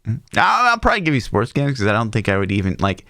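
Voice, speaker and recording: A man co-hosting a casual gaming podcast, joking and swearing freely in an animated way. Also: fairly low pitch, fast talker, vocal fry, dry recording, clean studio sound. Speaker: podcast co-host.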